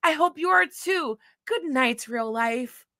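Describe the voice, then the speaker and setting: A woman voicing a dull adult man, reading his bland text replies aloud in a mocking, flat way. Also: sits high, slow, no room sound, clean studio sound, voice pushed up, exaggerated voice.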